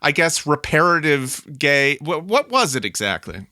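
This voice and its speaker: A man hosting a podcast, chatty and quick to laugh, asking his guest probing questions and reading a short intro. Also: a little high, very animated, sharp tone. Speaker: podcast host. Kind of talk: interview and scripted intro narration.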